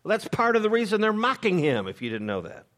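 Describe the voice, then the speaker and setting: A man's voice: high-pitched, wildly swooping pitch, fast, a bit bright. A man preaching a conversational sermon, informal and joking, with frequent fillers and restarts. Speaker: pastor.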